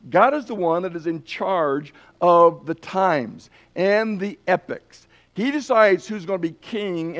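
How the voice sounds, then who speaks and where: A man preaching a sermon in an earnest way, often restarting phrases and pausing on fillers. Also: sits high.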